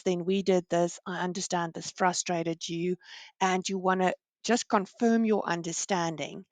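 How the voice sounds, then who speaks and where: A woman's voice: medium pitch, no room sound. A woman giving an upbeat instructional talk as a customer care trainer, in a coaching tone. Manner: upbeat coaching tone, frequent "all right". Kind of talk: instructional direct-to-camera talk.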